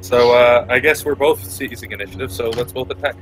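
A man's voice: mid-range voice, steady tone, fairly quick, soft background music. A man playing in a tabletop game, often hesitating and restarting his sentences. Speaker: player.

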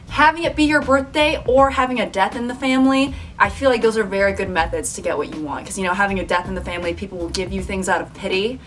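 A woman's voice: mid-range voice, fairly bright tone, distant mic, a little hiss or hum. A young woman talking in a wry, sarcastic, chatty way while narrating a comedy sketch. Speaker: comedy creator.

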